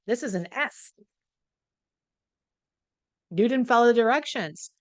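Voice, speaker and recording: A woman's voice: on the high side, lively intonation, takes it slowly, a little mellow, no room sound, voice pushed up. A woman voicing a prim woman schoolteacher who sticks rigidly to the rules, in a sing-song classroom manner. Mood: stern.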